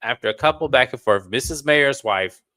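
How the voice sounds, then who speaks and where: A man hosting a casual reality TV recap, blunt and animated, full of slang. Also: medium pitch, moderate pace, no echo. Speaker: reality TV review host.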